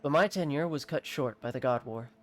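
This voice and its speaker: A streamer reading aloud the lines of a solemn exiled male court alchemist from a video game, in a measured and formal way. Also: medium pitch, close to an everyday voice.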